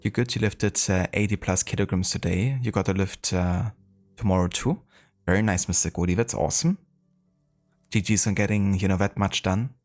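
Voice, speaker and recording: Low-voiced streamer, rambling. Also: male voice, moderate pace, a little mellow, soft background music. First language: German. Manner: rambling, full of fillers. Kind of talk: casual live-stream chat.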